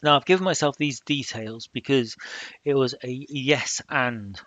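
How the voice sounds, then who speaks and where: A man narrating his solo tabletop game, in a halting manner with many fillers. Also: medium pitch, fairly bright tone, dry recording. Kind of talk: solo role-play narration.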